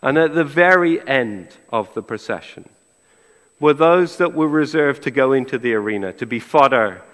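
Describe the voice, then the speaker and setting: A man's voice: medium pitch, animated, moderate pace, fairly bright tone, long reverb tail. A middle-aged man preaching a sermon in a conversational way, with rhetorical questions and a playful, sarcastic humor. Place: church.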